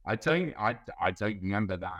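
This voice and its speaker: A man's voice: lowish voice, animated, fairly quick, fairly bright tone. A man from England, a nurse guest on a podcast, talking hesitantly and often repeating his words. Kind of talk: casual podcast chat.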